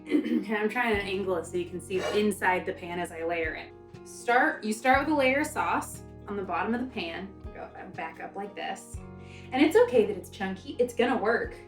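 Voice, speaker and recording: A young woman from the American South, chatting and rambling while she cooks for her vlog. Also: medium pitch. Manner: rambling, chatty, self-interrupting. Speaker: cooking vlogger. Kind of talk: casual cooking vlog chat. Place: home kitchen. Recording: echoey kitchen, mic far off.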